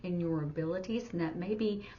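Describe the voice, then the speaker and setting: A woman with a low-pitched voice gives a casual sign language lesson, pausing often to think aloud. The recording is dull and lo-fi, with a faint noise underneath. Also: mellow. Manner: halting, thinking aloud, with many fillers. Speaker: sign language teacher and interpreter.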